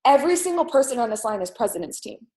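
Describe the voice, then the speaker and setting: A young woman with a high voice rallies her team over a call, leaning on repetition to drive each point home. Her talk is loose and chatty, full of "like", but fervent underneath. The sound is plain call audio from a home mic. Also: sing-song, fast talker, darkish tone. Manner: emphatic, repeats lines for effect, heavy use of "like". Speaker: team leader on a sales team call. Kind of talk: motivational pep talk on a group call. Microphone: call audio from a computer or phone mic.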